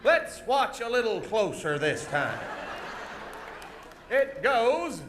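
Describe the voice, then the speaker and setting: A man hosting a live comedy show, teasing volunteers from the audience with loud stage patter. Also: very high voice, sing-song, slow, pauses often, slight background noise. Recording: echoey venue with music and crowd.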